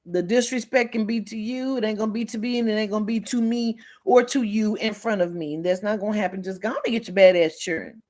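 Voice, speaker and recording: Speaking quickly at medium pitch with hardly any pauses, a woman hosts a live stream and addresses viewers directly in a blunt, forceful, profane way. She lectures sternly, drives her warnings home again and again, and calls out commenters by name along the way.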